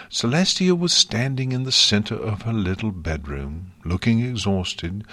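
A man narrating a story aloud in a measured, expressive reading. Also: low-pitched, dry recording. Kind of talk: audiobook fan fiction reading.

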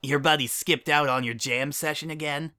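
A man reading a story aloud and voicing a cheerful, giggly young colt boy in an excited, squealing way. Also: fairly high pitch, moderate pace, clear, resonant tone.

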